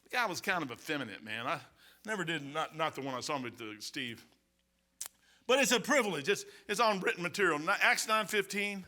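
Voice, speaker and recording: A male pastor preaching a sermon in church, telling stories in an animated, colloquial way. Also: a little high, fairly quick. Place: church, behind the pulpit.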